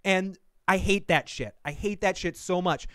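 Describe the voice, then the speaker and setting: A man's voice: sits high, moderate pace, sharp tone, smooth, dry recording, studio quality. A man hosting a casual TV recap chat, ranting with lots of swearing and acting out characters' lines. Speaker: podcast host reviewing a TV show.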